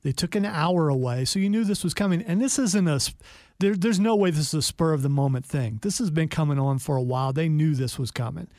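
Dry-sounding higher-voiced male co-host. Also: a little fast, a little mellow, dry recording. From Ohio, US. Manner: teasing, matter-of-fact. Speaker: radio co-host. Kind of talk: casual sports radio chat.

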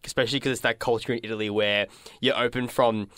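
A young Australian man with an Australian accent, chatting casually and telling relaxed stories. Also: medium pitch, fast, no echo, clean studio sound. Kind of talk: casual chat.

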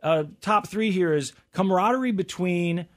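A man's voice: sits high, normal speed, fairly bright tone. A man in his thirties co-hosting a casual chat, easygoing and rambling, with frequent restarts. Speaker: co-host.

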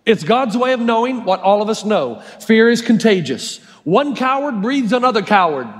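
A man with a high voice preaches a sermon, telling the story in a lively way with humor and acted-out voices. His voice carries a long reverb from a large hall. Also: moderate pace. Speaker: pastor.

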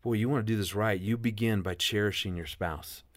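A man's voice: on the low side, brisk, dry recording, studio quality. A middle-aged man, a guest author, speaking in an emphatic, preacherly way and quoting scripture. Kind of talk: earnest faith-based interview talk.

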